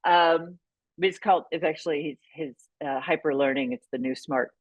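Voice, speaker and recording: Low-voiced woman explaining thoughtfully. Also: normal speed, slightly rough, no echo, highs cut off. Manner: thoughtful, explanatory, with frequent restarts. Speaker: podcast guest, leadership consultant. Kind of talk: conversational interview.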